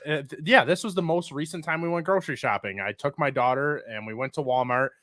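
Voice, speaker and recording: A man in his thirties co-hosting a comedy podcast, telling stories in casual chat with sudden loud outbursts. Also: fairly high pitch, fast talker, no echo. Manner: animated, loud outbursts when retelling stories. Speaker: podcast co-host.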